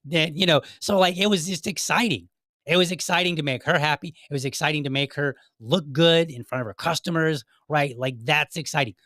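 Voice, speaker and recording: A man's voice: fairly high pitch, fairly quick, pushed and bright, no echo, clean studio sound. A middle-aged man hosting his own podcast, rambling in a chatty way with many restarts. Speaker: podcast host. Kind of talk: casual solo podcast commentary.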